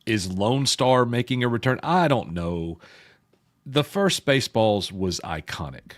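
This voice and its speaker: A man co-hosting a casual pop culture live stream, joking with chat, his voice a bit gruff and hoarse. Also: mid-range voice, expressive, a little slow. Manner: joking, addresses chat viewers by name. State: sounds slightly sick.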